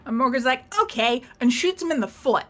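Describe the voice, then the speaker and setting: A woman's voice: high-pitched, expressive, fast, fairly bright tone. A woman casually recapping the last session of a tabletop game, rambling, laughing and swearing as she quotes the characters.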